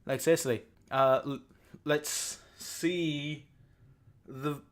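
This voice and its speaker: A man's voice: fairly high pitch, steady tone, very slow. A young man from Texas, ranting casually and profanely as a YouTube commentator. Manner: rambling, profane, self-deprecating.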